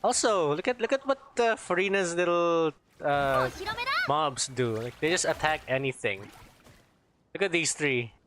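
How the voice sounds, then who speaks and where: A man's voice: on the high side, lively intonation, a little slow, a bit bright, slight background noise. A man streaming a game, chatting casually and rambling as he searches for words. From Philippines. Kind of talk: casual gameplay chat.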